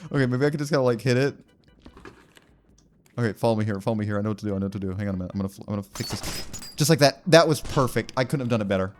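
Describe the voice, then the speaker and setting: A man's voice: mid-range voice, rapid-fire, a little hiss or hum. A man commentating a cleanup game, rambling and joking with lots of fillers. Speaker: gaming YouTuber. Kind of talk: let's play commentary.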